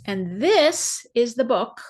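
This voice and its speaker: A podcast host tells a personal story conversationally, voicing her own thoughts as quoted asides. Her voice sits on the high side, with a slow, sing-song delivery.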